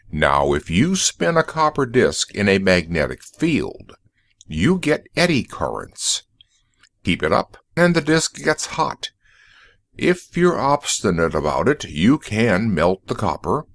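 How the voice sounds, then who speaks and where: A brisk, wry shop owner explains things in a calm, lecturing tone, read by a man narrating an audiobook. His voice sits low but moves a lot, and the recording is dry and close. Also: gravelly, no room sound, heavily acted. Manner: matter-of-fact, lecturing. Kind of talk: audiobook character reading.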